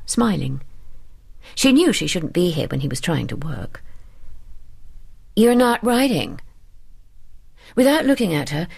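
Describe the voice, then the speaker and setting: A woman reads a story softly for sleep, sometimes dropping to a whisper. Her voice is low and husky with a gravelly edge, yet moves lively in pitch. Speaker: audiobook narrator. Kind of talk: calm audiobook reading for sleep.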